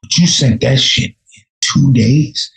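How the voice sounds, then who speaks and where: A man from Chicago talks in a relaxed, profane way, spinning long stories. His voice sits at an ordinary pitch. The room around him is echoey. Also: slow. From Chicago, USA. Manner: laid-back, profane, storytelling. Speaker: rapper guest. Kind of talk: casual podcast interview.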